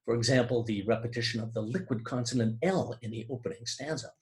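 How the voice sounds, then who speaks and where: A man giving an online lecture on poetry, explaining with hesitant fillers and restarts and slowing down to stress key terms. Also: mid-range voice.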